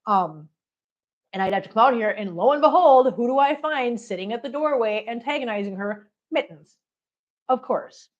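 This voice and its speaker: A woman's voice: on the high side, expressive, moderate pace, muffled recording. A woman hosting a casual livestream chat from home, talking to viewers and cooing baby talk to her cat, laughing often. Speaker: cat channel host. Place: home, on the floor.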